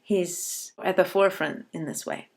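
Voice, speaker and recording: A woman lecturer talks through a poem in a patient, explanatory way. She slows down to read each verse line with care before unpacking it. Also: on the low side, creaky. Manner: patient, explanatory, reads verse lines slowly and deliberately. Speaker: college professor.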